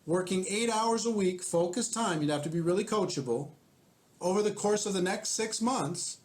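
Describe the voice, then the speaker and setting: A man's voice: sits high, moderate pace, darkish tone. A man coaching network marketing, methodically walking through numbered questions in casual talk.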